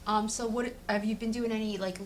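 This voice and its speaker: A woman hosting a comedy talk show, playful and quick to laugh as she asks the questions. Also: on the high side, fairly even intonation, slight background noise. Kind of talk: casual comedic interview.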